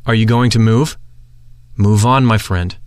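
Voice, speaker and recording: A man voicing stern spirits that urge a traveler onward, in a calm, measured voice. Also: lowish voice, clean tone, no room sound, lightly acted. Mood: urging.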